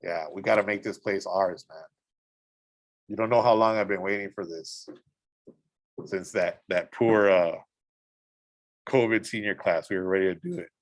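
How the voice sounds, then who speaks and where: With a lowish voice and a slightly quick pace, a man leads a relaxed school art and design lesson while looking through images. He exclaims eagerly over the pictures and keeps checking in with the students by asking "right?".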